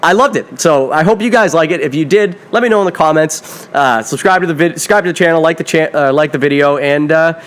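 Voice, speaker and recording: Rambling, profane man with a higher voice. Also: brisk, hardly any pauses. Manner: rambling, profane, self-correcting. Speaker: podcast host reviewing films. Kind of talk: casual spoken film review.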